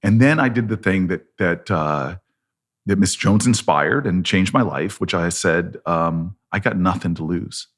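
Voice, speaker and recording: A man's voice: deep voice, expressive, measured pace. A man in his fifties with an American accent, telling a long story with animation and acting out both sides of the conversations. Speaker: politician guest.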